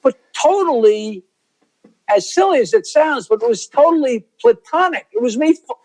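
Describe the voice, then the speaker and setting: An older comedian guest on a video call, telling stories in a rambling, self-interrupting way. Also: male voice, very high voice, expressive, normal speed, darkish tone, low-quality recording.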